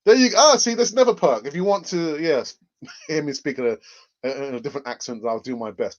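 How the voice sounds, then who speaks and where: A man's voice: on the high side, lively intonation, fairly quick. A man hosting a casual live fan stream, joking, laughing often and reading out viewer comments. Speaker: host of a live fan channel. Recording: dull lo-fi microphone sound.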